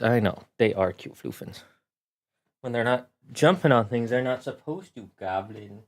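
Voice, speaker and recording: A man hosts a casual live stream about preparing tabletop games. He talks in a chatty, animated, rambling way with a mid-range voice. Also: mid-range voice, moderate pace. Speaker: game master streamer.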